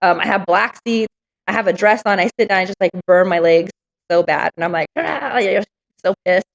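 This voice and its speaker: A woman's voice: on the low side, fairly even intonation, fairly quick, creaky, poor audio. Frank reflective woman interview guest. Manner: frank and reflective, full of fillers. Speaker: business owner guest. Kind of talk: candid interview storytelling.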